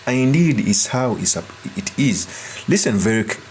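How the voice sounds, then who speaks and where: A man giving earnest, deliberate political commentary and breaking off to restart his sentences. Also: lowish voice, animated, a little mellow, slight background noise.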